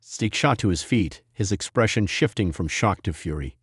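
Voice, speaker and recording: A male storyteller reads a scripted drama in an even, measured way. His voice sits very low, and the recording is dry and close with no room sound. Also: husky, no echo. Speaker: narrator.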